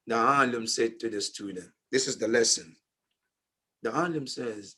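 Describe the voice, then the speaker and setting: A man telling a story in a memorial sermon, swinging between loud emphatic phrases and hushed, low ones. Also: normal speed, husky. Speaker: speaker at a memorial majlis. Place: community center.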